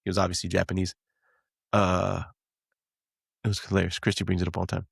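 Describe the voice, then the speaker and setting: A man with a low, gravelly voice trades crude jokes and stories on a podcast. His delivery is casual and profane, recorded dry and close to the mic. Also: monotone, fairly quick, no room sound. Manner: joking, profane storytelling.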